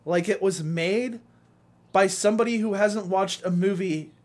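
A man's voice: high voice, measured pace, darkish tone. A young man co-hosting a casual podcast chat, ranting animatedly with lots of swearing and laughter. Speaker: podcast co-host.

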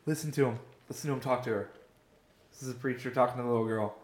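A man's voice: medium pitch, fairly even intonation, very fast. A man co-hosting a podcast in casual chat, joking and laughing often. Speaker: podcast co-host.

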